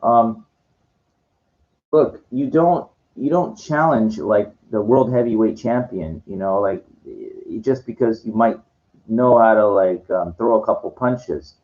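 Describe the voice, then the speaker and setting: Man, lowish voice, lecturing rant, dull lo-fi recording, lots of restarts. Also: slow pace, darkish tone. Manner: condescending, lecturing, stumbling restarts. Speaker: vlogger answering viewer comments. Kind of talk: ranting monologue to camera. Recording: dull lo-fi sound.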